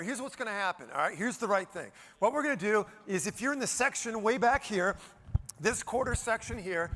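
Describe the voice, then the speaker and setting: A man from Denver giving a high-energy keynote, playfully ordering the audience around with quick commands. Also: pushed and bright. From Denver, Colorado. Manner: upbeat, playful, bossing the crowd with quick commands. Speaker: keynote speaker. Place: conference hall stage.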